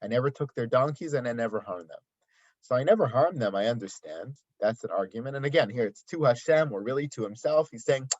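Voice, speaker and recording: A man's voice: mid-range voice, very animated, brisk, a little mellow, slightly rough, dry recording. A man giving a daily Torah commentary lesson, explaining the text and asking rhetorical questions. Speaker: Torah teacher. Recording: dry, slightly dull sound.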